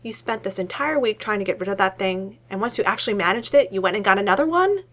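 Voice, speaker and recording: A woman's voice: mid-range voice, expressive, quick pace, fairly bright tone. A woman voicing a puzzled young male soldier who sounds incredulous.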